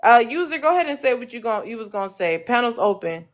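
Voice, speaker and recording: A woman's voice: fairly high pitch, big pitch swings, muffled recording. A woman hosting a live panel on her phone, teasing guests and cutting in to steer the talk. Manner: teasing, bossy, quick to cut in. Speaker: TikTok live panel host. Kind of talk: casual live-stream chat.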